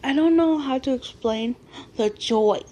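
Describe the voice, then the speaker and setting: A woman in her early twenties telling a personal story to her camera late at night at home, excitable and animated, often restarting her sentences. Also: high voice, a little slow, a little hiss or hum. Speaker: vlogger. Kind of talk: casual storytelling vlog.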